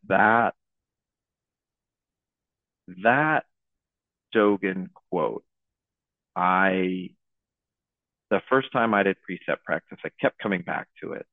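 A young man leading a Buddhist dharma talk, speaking in a halting, searching way with many restarts. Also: lowish voice, dry recording. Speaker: teacher leading a Zen talk. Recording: tinny phone-like audio.

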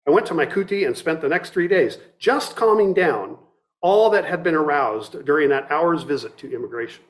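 A middle-aged meditation teacher gives a dharma talk, reflective and measured, restarting often and reading partly from a book. His voice is fairly high and expressive.

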